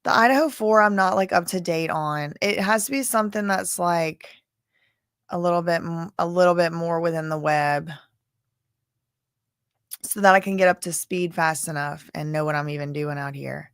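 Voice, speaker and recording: A woman's voice: fairly low pitch, moderate pace, clear, resonant tone, no room sound, studio quality. A woman from Louisiana hosting a live stream about court cases, chatting and rambling as she talks straight to her viewers. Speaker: livestream host covering court cases. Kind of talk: casual live-stream commentary.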